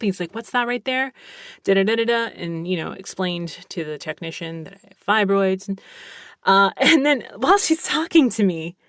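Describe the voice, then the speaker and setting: A woman podcast host telling a personal story in a chatty, animated way, acting out what others said. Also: mid-range voice, no echo, studio quality. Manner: chatty, animated, quotes others, swears casually. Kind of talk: casual storytelling.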